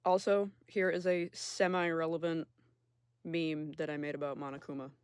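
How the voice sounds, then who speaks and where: A man's voice: on the high side, level tone, normal speed, clear, resonant tone, no room sound. Sarcastic man ranking characters, dry sound. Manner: sarcastic, profane, jumps between loud outbursts and muttering. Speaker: video creator. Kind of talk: casual tier-list commentary.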